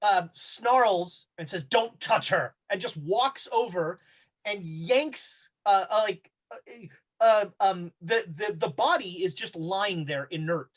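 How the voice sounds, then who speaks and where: A game master narrating a tabletop horror game, halting often with fillers as he describes the scene. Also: high-pitched.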